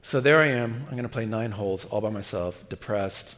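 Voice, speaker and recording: A middle-aged man preaching a sermon as guest pastor, telling stories in an animated way and dropping to a hush for pleading lines. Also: lowish voice, a little fast. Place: large church hall. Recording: long church reverb.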